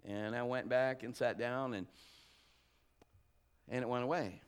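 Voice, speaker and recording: A man's voice: medium pitch, steady tone, unhurried, clean tone. A middle-aged man preaching a conversational sermon, telling folksy stories with restarts and trailing thoughts. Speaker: pastor.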